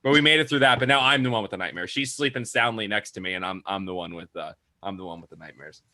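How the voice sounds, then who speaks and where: Fast, bright-voiced young man chatting. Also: lowish voice, dry recording. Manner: rambling, laughs often, stumbles and repeats words. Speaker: podcast co-host, sports writer. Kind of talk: casual podcast chat. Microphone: remote video call.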